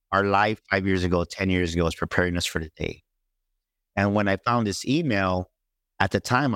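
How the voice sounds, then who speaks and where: Male guest speaker, low voice, dry close sound, animated storyteller who acts out the other voices. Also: dry recording. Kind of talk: storytelling in an interview.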